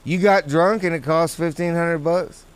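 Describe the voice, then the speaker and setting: A man's voice: fairly high pitch, fairly even intonation, normal speed, clean tone. A man hosting a live talk show, rambling and profane in casual chat. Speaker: radio show host.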